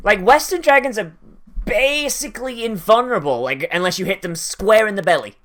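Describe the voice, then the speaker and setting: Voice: medium pitch, expressive, a little fast, fairly bright tone, a little hiss or hum. An anime reaction host giving casual watch-along commentary, rambling with lots of "like" fillers. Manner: rambling, filler-heavy "like" talk with laughs.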